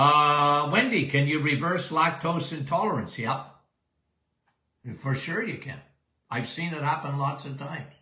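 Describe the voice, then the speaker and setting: A man's voice: on the high side, bright, forceful tone, roomy sound. An older man hosting a live Q&A show as a doctor answering listener questions, folksy and emphatic, often checking in with "okay?".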